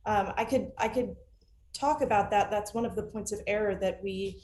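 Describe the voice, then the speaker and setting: A woman's voice: mid-range voice, normal speed, a little mellow, reverberant. A woman attorney arguing an appeal remotely, hesitant with frequent restarts and fillers. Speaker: appellate attorney. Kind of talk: remote oral argument.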